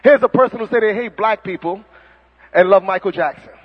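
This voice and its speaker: A man's voice: sits high, brisk, breathy edge. A man preaching a fiery, mocking sermon full of impressions. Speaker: Muslim preacher. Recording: dull recording with long hall reverb.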